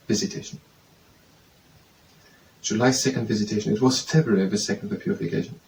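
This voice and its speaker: A man's voice: lowish voice, fairly even intonation, fairly quick, vocal fry, pauses often, a little mellow. A man studying aloud, quizzing himself with repetitive phrases and hesitant restarts. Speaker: student memorizing aloud. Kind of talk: thinking aloud while studying. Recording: distant mic with faint background noise.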